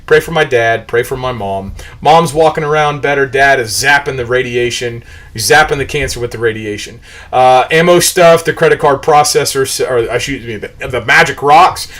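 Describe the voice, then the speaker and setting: A man in middle age with a somewhat high-pitched voice hosts a livestream. He drives his points home by repeating them and slides into sermon-like preaching. His talk rambles from one subject to the next. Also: a bit bright. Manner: emphatic, repetitive, preachy; rambling, jumps between topics. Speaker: show host.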